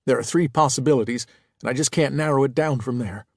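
A man's voice: mid-range voice, fast, slightly rough, no room sound, studio quality. A man voicing an anxious, apologetic male first officer in an audiobook. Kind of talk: audiobook character voice.

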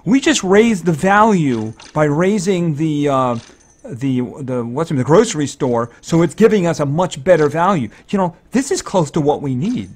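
Guy doing let's-play commentary, kinda high voice, super lively, worries out loud about money. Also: moderate pace. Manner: thinks aloud, excitable, fretting over spending. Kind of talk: casual gameplay commentary.

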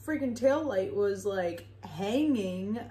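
A young woman tells a story in a loose, chatty way, leaning on fillers and swearing without a second thought. Her pitch sits in an ordinary middle range. The room has a noticeable echo around her voice. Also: lively intonation, takes it slowly, warm tone. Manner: chatty, rambling, swears freely, filler-heavy. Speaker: vlogger. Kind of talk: casual storytime. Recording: echoey room.

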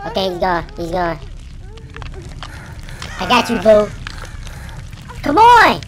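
A man voicing a jittery, jokey chipmunk gamer boy through a pitch-raised effect, giving panicky, slangy game commentary. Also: slow pace, noisy background, full character voice. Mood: panicky yelping. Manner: panicky, excitable, slangy banter. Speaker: gaming commentator. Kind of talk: let's-play commentary.

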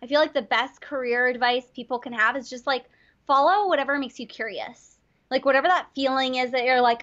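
A woman's voice: high-pitched, brisk, a bit bright, dull audio. A young woman voice actor, a guest telling stories in a giggly, bubbly way during a casual interview.

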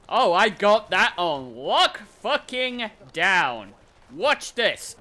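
A young man commentating a game he plays, excitable and swearing, shouting at and cooing to his pet. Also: high voice, drawn-out words. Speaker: gaming video host. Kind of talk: excited let's-play commentary.

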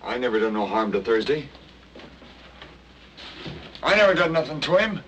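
Cast a whiny swamp coward who stammers, lively pitch swings, faint hiss. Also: male voice, moderate pace, highs cut off. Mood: defiant. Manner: stammering, whining. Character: frightened, cowardly backwoods man. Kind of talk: 1940s film acting.

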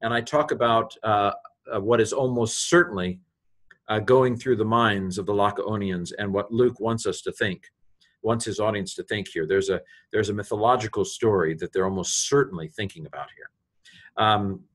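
Brief: lower-voiced male teacher, informal grammar walkthrough, halting delivery. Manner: halting, many fillers, rises on quoted Greek. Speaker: Greek teacher.

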